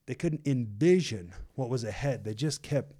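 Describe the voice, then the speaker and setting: A man in casual faith chat, retelling a Bible story in a loose, animated way, full of fillers and acted-out voices of a panicked crowd. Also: medium pitch, moderate pace. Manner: loose and animated, many fillers like "like" and "you know".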